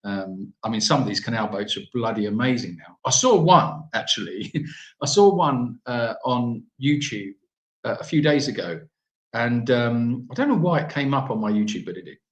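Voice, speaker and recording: A man's voice: medium pitch, lively intonation, moderate pace, roomy sound. A man hosting a live stream, reading out viewer messages and joking with them in a casual chat.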